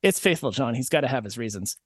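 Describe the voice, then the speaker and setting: A man's voice: medium pitch, expressive, fast, husky, dry recording, clean studio sound. A man voicing a gullible young king in a matter-of-fact, resigned way, in a comic fairy-tale retelling.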